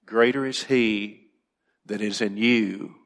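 A man's voice: lowish voice, slow. Earnest male preacher in a reverberant hall. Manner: earnest, rising to urgent questions then dropping soft and calm. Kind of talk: sermon.

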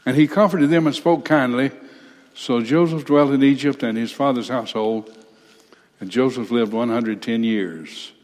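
An older man preaching a sermon, reading scripture slowly and breaking off for folksy, blunt asides. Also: mid-range voice, darkish tone. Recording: reverberant hall.

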